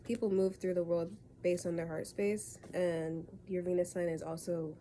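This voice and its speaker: A woman's voice: lowish voice, little pitch movement, moderate pace, mellow, a little hiss or hum. A young woman with a stuffy cold, giving a casual tarot reading from her bed and rambling as she corrects herself. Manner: rambling, loose and self-correcting. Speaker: tarot reader. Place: in bed at home.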